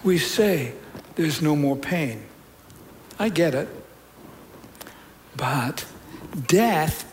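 A man preaching a sermon as a pastor, retelling scripture in a conversational, storytelling way with loud peaks and quiet stretches. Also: high-pitched, a little hiss or hum, poor audio.

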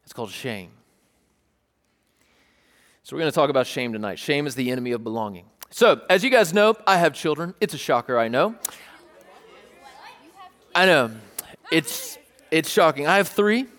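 Pastor, male, a bit high-pitched, animated storyteller in a sermon, big reverberant church hall. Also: moderate pace, pauses often, a faint crowd. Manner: animated, plays out scenes with sudden shouts. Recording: long reverb of a large hall.

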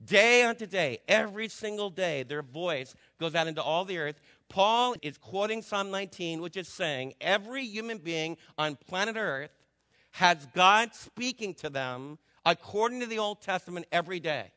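Bright-voiced man preaching in a hall. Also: high-pitched, animated, normal speed. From New Jersey. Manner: conversational preaching with asides and rhetorical questions. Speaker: pastor. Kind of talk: sermon. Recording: long hall reverb.

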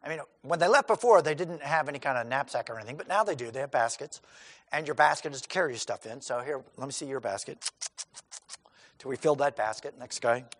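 A man's voice: medium pitch, fast talker, big-room sound. A man preaching a sermon in a conversational, folksy way, acting out scenes with quoted voices and many asides. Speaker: pastor.

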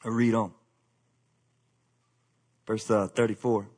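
Male pastor, animated preaching style, colloquial asides; slightly husky, higher-pitched voice in a long-reverb hall. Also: slow. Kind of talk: sermon.

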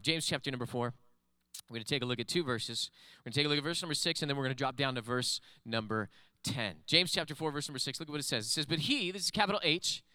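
A man preaching with a bright, forceful tone and a smooth, crisp voice. His delivery rises into fervent, repeated declarations before dropping back to plain teaching. The sound is close and dry, with little room echo. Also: medium pitch. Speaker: pastor. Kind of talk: sermon. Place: church sanctuary with congregation.

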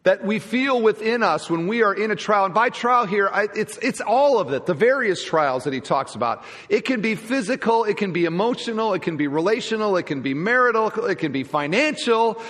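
A man's voice: high-pitched, lively intonation, brisk, hardly any pauses, fairly bright tone. A man preaching a sermon as pastor, emphatic and full of rhetorical questions to the congregation. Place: church sanctuary. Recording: long church hall reverb.

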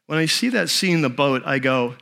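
A man preaching a sermon, telling a story in an animated, conversational way with frequent restarts. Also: fairly high pitch, brisk, vocal fry. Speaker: pastor.

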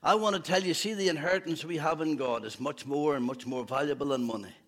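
A man's voice: a little high, fast talker, a bit bright. A man preaching a fervent evening sermon in church, with humorous asides.

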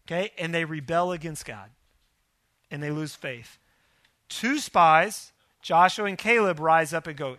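Male pastor, lively sermon, bright forceful tone, dry close sound. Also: on the high side, a little slow, long pauses, dry recording. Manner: animated, acts out biblical quotes, prods the audience.

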